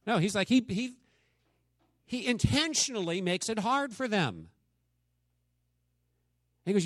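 A man's voice: high voice, big pitch swings, unhurried, long pauses, no room sound. A man leading a Bible study in a casual, conversational way, quizzing his listeners and acting out the quotes he reads. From United States. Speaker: church teacher.

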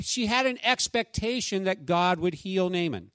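High-voiced man preaching a sermon. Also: big pitch swings, a little slow, fairly bright tone, dry recording. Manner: reads scripture aloud, then preaches conversationally with emphatic swings. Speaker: pastor.

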